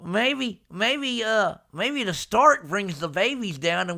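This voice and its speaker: A man talking casually about a manga chapter, his voice a touch high with a gravelly edge. He retells scenes in an animated way and slips into quick impressions of the characters, laughing as he goes. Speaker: podcast host. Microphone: live stream microphone.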